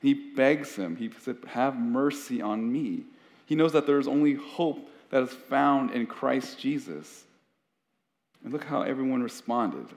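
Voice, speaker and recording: Male pastor, sermon, mid-pitched voice, earnest, conversational, restarts, echoing hall reverb. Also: expressive, unhurried, creaky, darkish tone.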